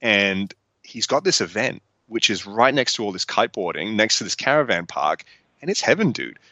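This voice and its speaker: Bright, sweary Australian man. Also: fairly low pitch, moderate pace, no room sound, dull audio. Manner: rambling, sweary, animated storytelling. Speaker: guest. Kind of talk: casual podcast interview.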